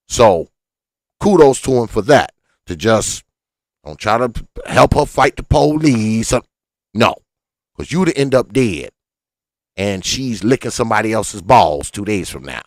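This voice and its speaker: A man hosting a show, giving crude, mocking reaction commentary on a video and acting out other voices in quick asides. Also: fairly low pitch, no room sound, studio quality. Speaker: host.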